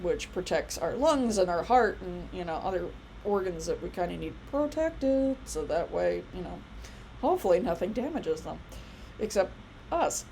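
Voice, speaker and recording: A woman's voice: fairly low pitch, lively intonation, normal speed, a little mellow, a little hiss or hum, rough recording. A woman in her thirties giving a casual biology lecture, chatty and rambling with many fillers and asides. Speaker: college biology instructor.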